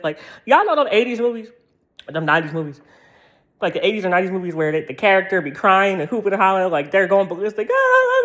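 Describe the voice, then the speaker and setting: A woman ranting in a casual vlog monologue, sassy and profane, breaking into laughter often. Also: lowish voice. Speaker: vlogger.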